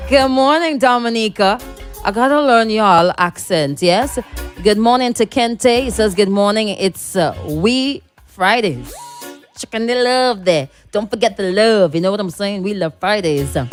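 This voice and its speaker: A woman from the Caribbean hosting morning radio, chatting casually and reading listener comments aloud, laughing often. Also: medium pitch. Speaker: radio host.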